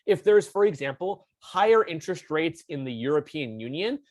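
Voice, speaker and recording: A man's voice: a little high, animated, moderate pace, no echo. A man teaching a casual lecture as debate coach, informal and full of fillers, with slangy asides.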